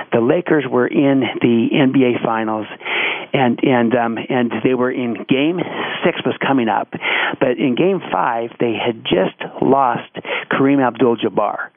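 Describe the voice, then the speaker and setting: A man's voice: mid-range voice, no echo. A man, a guest author, telling a story in an interview with an earnest manner and many restarts. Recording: tinny phone-line sound.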